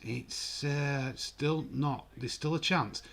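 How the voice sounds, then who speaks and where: A man's voice: fairly high pitch, slow, vocal fry. Chatty man commenting football. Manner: chatty, excitable, reads viewer comments aloud. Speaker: host of a live football watch-along. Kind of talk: casual live match commentary.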